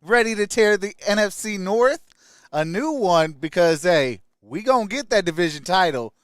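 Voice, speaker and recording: A young adult man from Michigan hosting a casual sports live stream, greeting chat viewers by name with upbeat shout-outs. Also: sits high, lively intonation, moderate pace, dry recording, clean studio sound.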